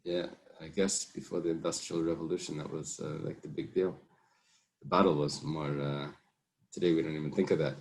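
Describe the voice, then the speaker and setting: A man teaching a Talmud lesson in a relaxed way, thinking aloud with fillers and mixing Hebrew and Aramaic terms into his English. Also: a bass voice, brisk, creaky. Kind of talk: casual Talmud study lesson.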